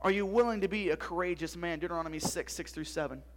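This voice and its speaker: High-voiced preaching man. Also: quick pace. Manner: rhetorical questions, emphatic preaching, drops to a whisper at times. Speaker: pastor. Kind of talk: sermon.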